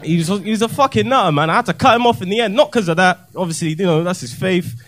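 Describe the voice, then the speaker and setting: High-voiced young comic. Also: male voice, fast talker. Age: young adult. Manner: deadpan, self-mocking, slangy. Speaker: stand-up comedian. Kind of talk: stand-up set. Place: comedy club stage.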